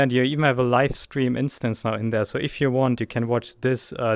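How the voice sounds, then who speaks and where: A man speaks in a clear, resonant voice, close and dry with no room around it. He talks casually and excitedly, stumbling over fillers as he explains things to his audience. He sounds like the person running a live online event. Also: medium pitch, no echo. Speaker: event producer. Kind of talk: casual live-stream talk. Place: virtual reality event, voice chat.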